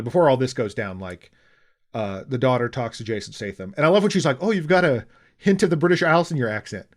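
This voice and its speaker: Man, podcast co-host, casual movie chat, rambling, quotes scenes in put-on voices, animated pitch.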